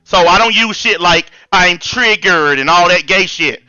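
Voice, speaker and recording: A man's voice: high voice, normal speed, bright, forceful tone, no echo, dull audio. A man in his forties with a Southern US accent, hosting a live-stream debate and ranting bluntly with heavy profanity. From American South. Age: 40s. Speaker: channel host.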